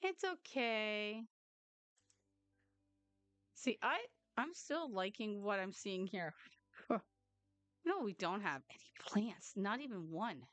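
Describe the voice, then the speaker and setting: A woman's voice: medium pitch, animated, a little slow, a bit bright, no room sound, soft background music. A woman chatting casually on a live stream, playfully cooing at her cats close to the mic.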